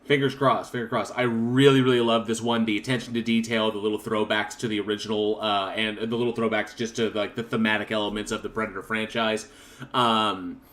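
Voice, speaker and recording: Male podcast host, relaxed chat, reads comments aloud, laughs easily. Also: fairly low pitch, a little fast. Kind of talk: casual chat.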